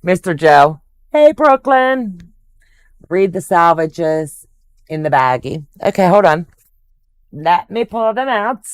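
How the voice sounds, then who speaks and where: Older woman, lowish voice, affectionate livestream chatter, slow pace. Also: clear, resonant tone, no echo. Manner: gushing and affectionate. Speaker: quilting livestream host. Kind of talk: casual livestream chat, reading out viewer comments.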